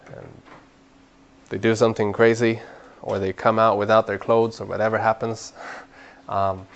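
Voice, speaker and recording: A man teaching a training class in an earnest way, repeating words as he builds a point and growing animated when he urges people on. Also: on the low side, a little slow, creaky, dull audio. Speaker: Bible study trainer.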